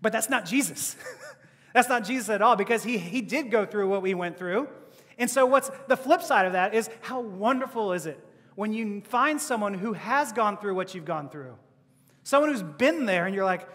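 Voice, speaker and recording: A man's voice: sits high, animated, moderate pace, a bit bright. A man preaching a sermon as pastor, conversational, with rhetorical questions and laughing asides. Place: church hall. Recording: long hall reverb.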